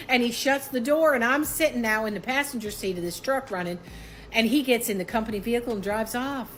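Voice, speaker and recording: Animated woman in her sixties telling a story. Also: brisk. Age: 60s. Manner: animated, acts out quoted voices with rising pitch. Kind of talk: casual storytime.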